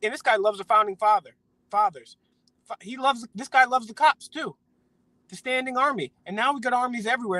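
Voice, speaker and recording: A man's voice: extremely high pitch, sharp tone, dry recording, low-quality recording. An American man co-hosting a live stream, ranting indignantly about politics with repeated words and stumbling restarts.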